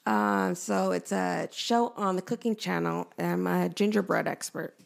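Gravelly-voiced woman podcast guest. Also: lowish voice, steady tone, a little slow. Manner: earnest, candid, reflective. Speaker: podcast guest, gingerbread baker. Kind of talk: casual podcast conversation.

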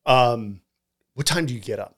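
A man's voice: medium pitch, normal speed, fairly bright tone. A man hosting a podcast interview, asking questions in a conversational way. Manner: conversational, asks questions, repeats words when starting. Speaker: podcast host. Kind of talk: casual interview talk.

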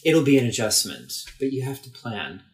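A man's voice: mid-range voice, sing-song, moderate pace, a little mellow, echoey room. A man speaking earnestly and emphatically in a casual conversation. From United States.

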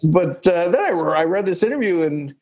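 A man's voice: sits high, animated, normal speed, lo-fi sound. A man chatting casually as a podcast co-host, rambling and searching for words with many fillers. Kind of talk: casual chat.

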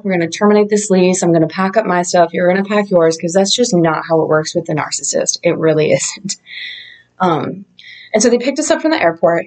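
This Indiana vlogger's voice is fairly low in pitch and darkish in tone. She recounts her own experiences casually in the first person, sounding candid and reflective with loose phrasing.

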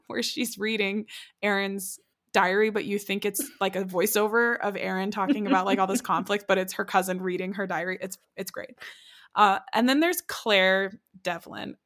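Chatty giggly podcast co-host woman, mid-pitched, lots of filler. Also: a bit bright. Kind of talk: casual chat recapping a TV show.

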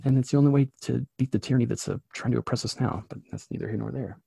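A man co-hosting a podcast, telling stories in a loose, profane, animated way. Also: mid-range voice, racing, gravelly, slightly rough, no room sound. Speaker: podcast co-host. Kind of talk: casual podcast chat.

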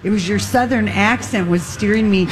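A woman co-hosting a casual chat show, chatty and quick to joke and guess. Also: mid-range voice. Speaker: co-host.

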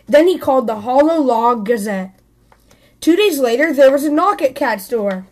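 High-voiced woman reading a kids' story. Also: expressive, moderate pace, a little mellow. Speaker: children's story podcast host. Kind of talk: reading a picture book aloud.

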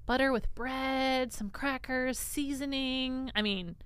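A woman co-hosting a podcast in casual chat, bubbly and eager with quick reactions. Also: high voice, fairly bright tone, clear, resonant tone, dry recording. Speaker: podcast co-host.

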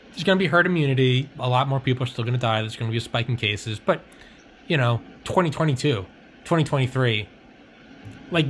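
A man's voice: medium pitch, fairly bright tone, a little hiss or hum. A young man hosting a podcast in casual chat, rambling and swearing, laughing often. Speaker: podcast host.

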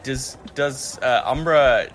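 A man's voice: medium pitch, slow pace, a bit bright, a little hiss or hum. A man playing in a tabletop role-playing game, joking and teasing the game master. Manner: joking, teasing, laughs often. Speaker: player. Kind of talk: casual tabletop game chat.

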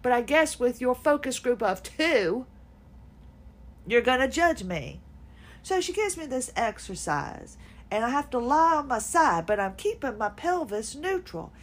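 High-voiced woman venting sarcastically. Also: sing-song, unhurried. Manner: exasperated, sarcastic storytelling with laughs. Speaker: podcast host. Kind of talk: casual personal venting monologue.

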